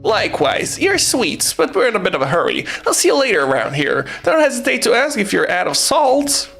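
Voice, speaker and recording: A man's voice: high-pitched, wildly swooping pitch, fairly quick, creaky, a bit bright, soft background music, voice pushed up, heavily acted. A man voicing a friendly, chatty young woman neighbor in a sing-song, sweet way. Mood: chirpy friendly.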